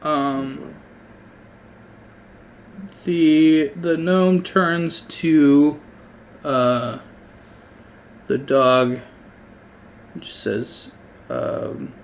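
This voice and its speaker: A man's voice: a little high, drawn-out words, long pauses, slight background noise. A man narrating a tabletop game as game master, casual and hesitant with many fillers.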